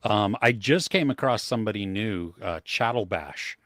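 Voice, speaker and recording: A man's voice: lowish voice, expressive, normal speed, a bit bright, no room sound, clean studio sound. A man co-hosting a casual movie review podcast, enthusiastic, laughing often and trailing off mid-sentence. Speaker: podcast co-host. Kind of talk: casual chat.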